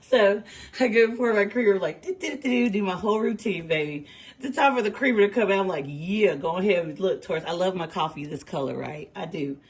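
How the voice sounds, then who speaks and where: A woman tarot reader chatting casually and telling an animated story, laughing and using slang. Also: lowish voice, fairly quick. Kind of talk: casual chat. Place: home kitchen, early morning.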